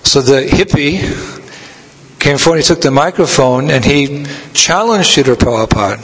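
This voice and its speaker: A man giving a scripture lecture as a spiritual teacher, telling stories in a measured way and laughing now and then. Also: on the high side, animated, fairly bright tone. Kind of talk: sermon. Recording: long hall reverb.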